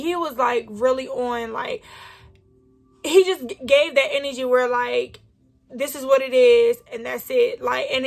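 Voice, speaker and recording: A young woman telling a chatty, animated storytime vlog, acting out the dialogue as she goes. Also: a little high, creaky. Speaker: vlogger.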